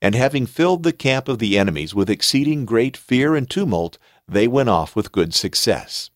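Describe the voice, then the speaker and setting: A man reading scripture aloud in a slow, solemn, deliberate manner. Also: mid-range voice, lively intonation, no echo, clean studio sound. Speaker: scripture reader.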